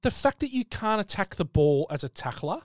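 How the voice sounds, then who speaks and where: A man co-hosting a podcast, opinionated and halting as he talks. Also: high voice, sing-song, no room sound, clean studio sound. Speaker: podcast co-host and youth rugby coach. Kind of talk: casual chat.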